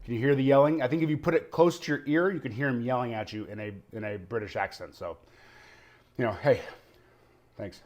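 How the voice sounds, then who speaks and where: A man's voice: mid-range voice, brisk. A middle-aged man chatting casually as he tastes and reviews frozen appetizers on camera. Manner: chatty, enthusiastic, tasting on camera. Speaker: food reviewer.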